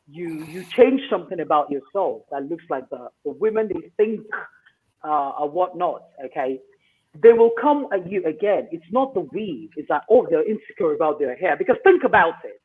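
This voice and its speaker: A man hosting a talk show. He gives advice in an emphatic monologue and keeps asking "okay?". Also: sits high. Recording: tinny phone-line sound.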